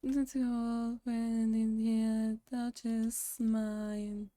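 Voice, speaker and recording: A woman live-streaming and chatting casually to her viewers, emotional and quick to laugh, swearing freely. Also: a little high, monotone, warm tone, clean tone, no echo. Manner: talks to her chat directly. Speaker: livestream host.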